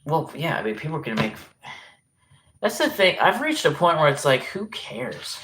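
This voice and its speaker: A man's voice: on the high side, wildly swooping pitch, normal speed, fairly bright tone. Rambling young man chatting on stream. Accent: regional dialect, place unstated. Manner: rambling, filler-heavy, swears casually. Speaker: livestream host. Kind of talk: casual live-stream chat.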